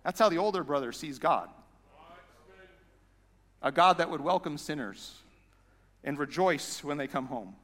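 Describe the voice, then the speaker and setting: A male pastor preaching with a high-pitched, bright voice and a lively, conversational manner. His words ring out with a long, echoing reverb from a big hall. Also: a little slow, pauses often. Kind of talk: sermon.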